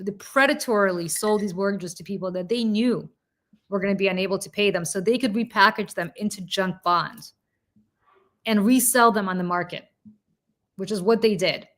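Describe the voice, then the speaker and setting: A woman hosting a political talk show, telling a story in an animated, casual way with asides and restarts. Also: medium pitch. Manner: slips into mocking quoted voices of politicians. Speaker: political commentator and show host.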